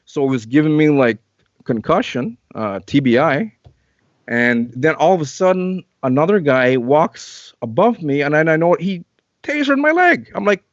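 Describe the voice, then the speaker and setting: A man's voice: a little high, expressive, normal speed, dry recording, lo-fi sound. A man from Canada, a guest in an interview, tells a long personal story in casual talk, repeating and restarting phrases as he goes.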